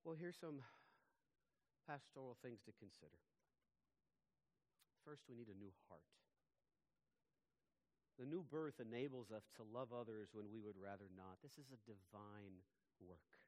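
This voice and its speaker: A pastor preaching a sermon, rising to loud emphatic peaks and dropping to quiet, low asides. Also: male voice, unhurried, pauses often.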